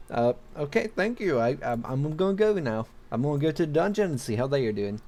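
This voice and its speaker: A man's voice: on the high side, sing-song, brisk, few pauses, a little mellow. A man chatting casually and self-deprecatingly while playing a game. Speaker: gaming video creator. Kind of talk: let's play commentary.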